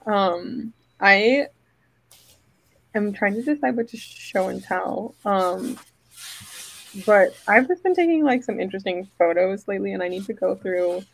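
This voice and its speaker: A woman co-hosting a casual chat, talking in a halting way full of "like" and "um". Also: medium pitch, animated, vocal fry, rough recording. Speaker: co-host, photographer.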